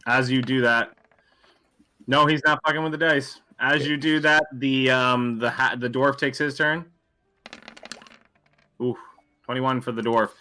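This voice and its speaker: A man's voice: medium pitch, fairly even intonation, measured pace, long pauses, pushed and bright. A man running a casual tabletop game as game master, explaining rules in rambling, self-correcting bursts.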